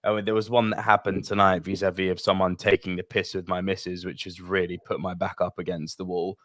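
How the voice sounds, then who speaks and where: Animated British man telling a story. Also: dry recording, clean studio sound. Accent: British English. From England. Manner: animated storytelling, swearing, quick pitch jumps. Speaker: podcast co-host. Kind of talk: casual chat.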